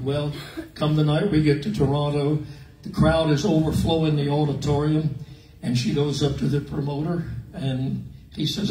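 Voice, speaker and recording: A man's voice: a little high, normal speed, a little hiss or hum. Older man telling stories. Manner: folksy, relaxed, drawling anecdotes. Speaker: country singer on an artist panel. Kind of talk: storytelling to a fan audience. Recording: echoey room, mic at a distance.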